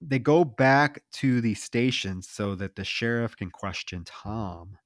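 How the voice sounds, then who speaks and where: A man co-hosts a podcast and walks through a film's plot in a relaxed, chatty way. His pitch sits in the middle of the range, and he pushes hard on the key beats. The recording is close and dry, with almost no room sound. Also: takes it slowly, dry recording. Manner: animated retelling with lively emphasis. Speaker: podcast co-host. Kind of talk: casual film recap chat.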